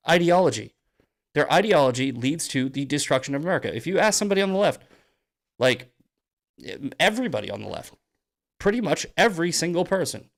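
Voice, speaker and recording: A man hosting a political monologue on a live stream, mocking his critics, swearing and shouting at points. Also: on the high side, creaky. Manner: angry, profane, shouting bursts. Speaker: host.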